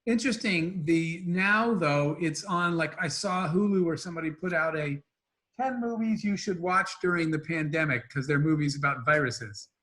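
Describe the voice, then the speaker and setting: Animated storytelling entrepreneur, higher-voiced man. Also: moderate pace. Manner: animated anecdotes with quoted dialogue. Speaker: entrepreneur guest. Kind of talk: storytelling interview talk.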